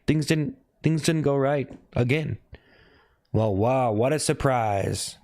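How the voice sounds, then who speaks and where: A young man hosting a live stream and chatting loosely with his viewers. He teases them by name, says the same jab over and over, and drifts into mumbling asides. His voice sits at an ordinary pitch for a man. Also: slow pace, a little mellow. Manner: teasing, repeats himself, calls out chat names. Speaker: livestream host. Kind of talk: casual livestream chat with viewers.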